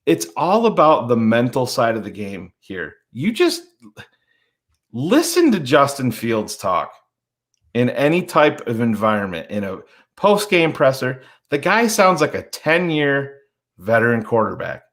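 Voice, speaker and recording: Young adult man, casual sports podcast co-host, mid-range pitch, blunt and swears a lot. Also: sing-song, measured pace, a bit bright. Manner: blunt, swears freely, acts out quoted people.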